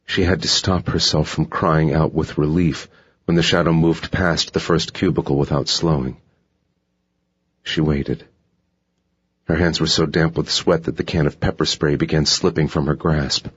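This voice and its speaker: A man narrating a thriller audiobook in a steady, measured reading. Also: very deep voice, husky. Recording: dull lo-fi audiobook recording.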